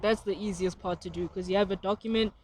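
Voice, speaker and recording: A woman's voice: mid-range voice, steady tone, fast talker, darkish tone, a little hiss or hum. A woman guest on a podcast, a translator explaining language points patiently in casual chat, laughing easily.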